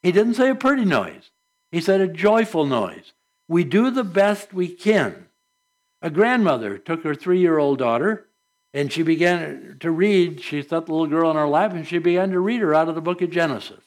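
A man's voice: a little high, expressive, normal speed. A man preaching a sermon at a church service, earnest and conversational, asking the congregation rhetorical questions. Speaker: pastor.

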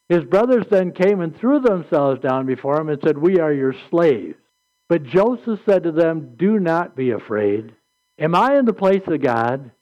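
A man whose voice sits high with a darkish tone preaches a sermon, retelling scripture stories in an earnest, plainspoken way and reading verses aloud. The recording is muffled and lo-fi.

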